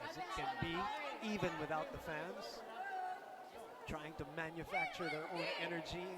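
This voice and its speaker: A man calling a volleyball match play by play, quick and excitable. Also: a little high, very noisy. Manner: energetic, rapid calls of plays. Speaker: play-by-play commentator. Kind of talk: live volleyball commentary. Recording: loud music over broadcast.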